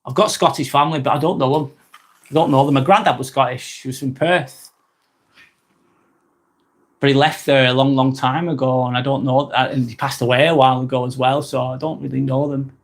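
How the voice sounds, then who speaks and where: A man's voice: medium pitch, steady tone, a little fast, creaky. English man rambling to a live chat. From England. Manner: rambling, repeats himself, frequent ums. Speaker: live vlog host reading chat. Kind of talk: casual live-stream chat.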